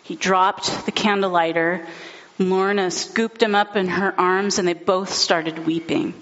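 Slow, earnest woman preaching a sermon. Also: fairly low pitch, fairly even intonation, a bit bright, highs cut off. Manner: earnest, heartfelt storytelling. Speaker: pastor. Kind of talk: sermon storytelling.

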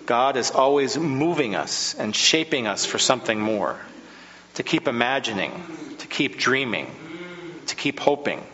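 Male preacher giving a sermon, measured delivery with dramatic pauses, long reverb. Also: medium pitch, expressive, pushed and bright, muffled recording.

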